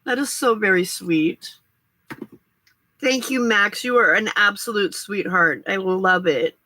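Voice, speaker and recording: An older woman chats slowly and warmly to her livestream viewers while she crafts, reacting to their messages. Her voice is bright and forward, and the close mic in a small home craft room leaves it dry. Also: mid-range voice, dry recording. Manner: chatty, emotional, reacting to chat.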